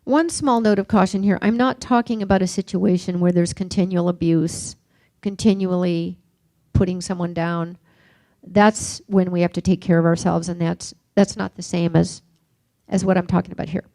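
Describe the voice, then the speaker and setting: Gravelly older woman giving a workshop talk. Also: fairly low pitch, steady tone, normal speed, no echo. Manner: reflective, anecdotal, gently questioning. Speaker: workshop speaker.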